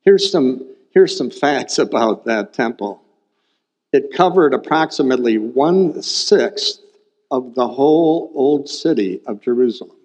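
A man's voice: medium pitch, animated, a little slow, a little mellow. A male pastor preaching a sermon, explaining a Bible passage and repeating key points for emphasis. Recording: dull recording with long hall reverb.

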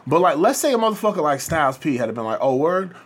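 A man's voice: fairly high pitch, very animated, racing, husky. A man co-hosting a podcast, ranting heatedly in casual chat with heavy cursing. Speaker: podcast co-host.

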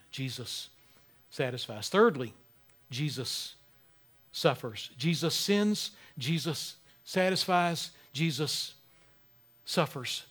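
A man preaching a sermon as pastor, swinging between loud emphasis and quiet, close talk, often repeating words as he restarts. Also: mid-range voice.

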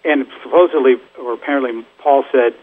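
An older man speaks over a tinny, phone-like line. His voice is a bit husky and sits at a middle pitch. He tells stories in a rambling, chatty way, full of fillers. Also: brisk. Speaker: musician guest. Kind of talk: casual interview storytelling.

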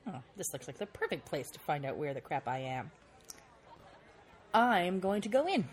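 A woman's voice: deep voice, big pitch swings, normal speed, a faint crowd, a little hiss or hum. A woman player in a tabletop game, casually narrating what her character does.

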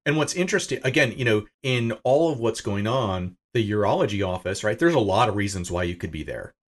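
A middle-aged man with a fairly low voice tells a personal story as a podcast guest. He is casual and amused, and his voice leaps upward whenever he acts out what someone said. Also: fairly quick. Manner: animated and self-amused, voice jumping up for quoted lines. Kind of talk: conversational storytelling.

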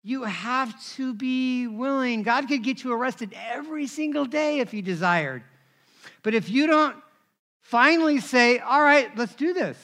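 Male pastor, high and bright, animated storytelling sermon, keeps asking the congregation to respond. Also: measured pace. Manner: animated, conversational, asks the crowd for responses. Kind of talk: sermon with personal stories.

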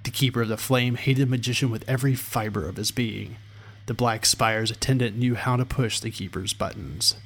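A man reading a fantasy novel aloud as its narrator, in a steady storytelling manner. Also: medium pitch, a little fast, slightly rough. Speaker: audiobook narrator.

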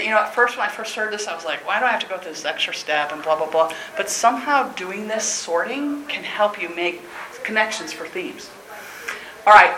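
A woman leading a teacher workshop, talking in an energetic, chatty way and laughing often. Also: medium pitch. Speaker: teacher trainer. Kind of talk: workshop presentation. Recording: echoey room with noise.

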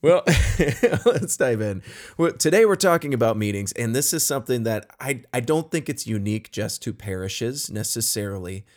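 A man's voice: medium pitch, animated, normal speed, few pauses. A man co-hosting a podcast, talking earnestly and laughing often as he tells stories. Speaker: podcast co-host. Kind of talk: casual podcast chat.

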